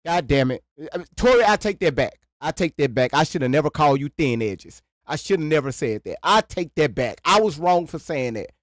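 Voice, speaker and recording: A man hosting a live reaction stream, chatting casually, stammering and repeating words, and swinging from low mutters to loud exclamations. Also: expressive, a little fast, few pauses, no echo, clean studio sound.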